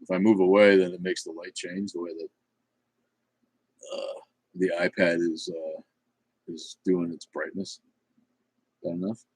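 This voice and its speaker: A middle-aged man with a lowish voice chats through a livestream, drifting from one thing to the next with plenty of ums and false starts. His tone is blunt and irreverent, and the sound is dry, close, with almost no room. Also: flat delivery, unhurried, pauses often, slightly rough, no room sound. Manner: rambling, chatty, with many fillers and restarts. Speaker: livestream host. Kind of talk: casual livestream chat reading viewer comments.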